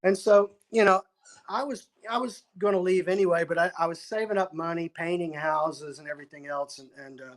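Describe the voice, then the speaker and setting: Animated storytelling man, raised pitch. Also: brisk. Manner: animated, acts out quotes, restarts often. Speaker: musician guest. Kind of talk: storytelling interview.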